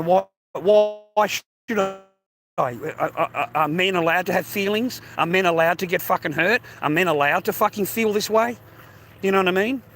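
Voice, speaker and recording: A man's voice: on the high side, a bit bright, slight background noise. An Australian man ranting about his grievances, swearing heavily and repeating himself. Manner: aggrieved, heavy swearing, repetitive. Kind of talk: angry personal rant.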